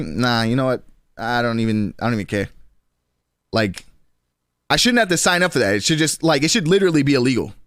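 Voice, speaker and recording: A young man in his twenties chatting casually on a stream, slangy and rambling, with quick restarts. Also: mid-range voice, lively intonation, fairly bright tone, no echo, clean studio sound.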